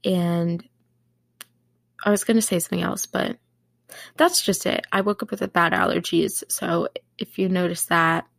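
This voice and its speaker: A woman's voice: fairly low pitch, fairly even intonation, moderate pace, gravelly, fairly bright tone, dry recording. A young woman hosting a casual solo podcast, bubbly and chatty, her voice a little nasal from allergies. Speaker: podcast host.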